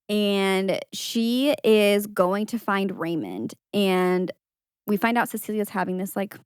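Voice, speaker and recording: A young woman co-hosting a podcast, casually recapping a movie with lively quoted voices and frequent laughter. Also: clear, resonant tone, dry recording, studio quality. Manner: animated storytelling with high-pitched quoted voices and frequent laughs. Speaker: podcast co-host.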